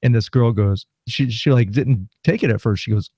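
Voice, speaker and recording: Speaking briskly with vocal fry and few pauses, this middle-aged South Florida podcast co-host tells casual stories, laughing as he animates them. His voice is mid-range, with no echo on a muffled, lo-fi recording.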